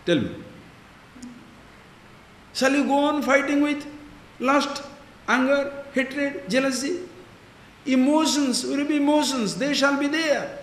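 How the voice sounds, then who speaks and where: A man's voice: very high voice, slow pace, pauses often, a bit bright, echoey room, a little hiss or hum. A male spiritual teacher giving a discourse, explaining Sanskrit terms and questioning his listeners.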